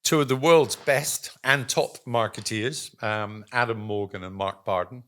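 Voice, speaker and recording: A man chatting as a guest about business, telling lively stories. He acts out the voices of people he quotes and fills his pauses with ums and uhs. His voice sits at a medium pitch. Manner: animated storyteller, acts out quotes, many ums. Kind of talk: casual business chat.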